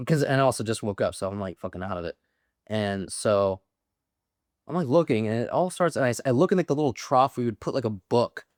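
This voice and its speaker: A young man in his twenties tells wild, profane stories in a loose, animated way, laughing as he goes. His voice sits at an ordinary middle pitch. The sound is close and dry, with no room around it. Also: dry recording. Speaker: podcast guest, Marine veteran. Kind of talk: casual storytelling.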